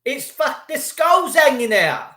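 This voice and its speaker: A man rants furiously into his livestream, cursing freely and mocking people in put-on voices. His tone is bright and cutting. The room around him sounds echoey. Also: very high voice, sing-song, slow. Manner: swearing, mocking, acts out voices. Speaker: livestream ranter. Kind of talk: angry livestream rant.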